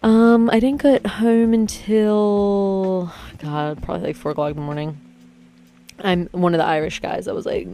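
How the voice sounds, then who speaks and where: A woman's voice: medium pitch, steady tone, moderate pace, vocal fry, mellow. A young woman in her twenties telling a casual story about a night out, chatty and self-mocking, full of "like" and "um". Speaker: vlogger.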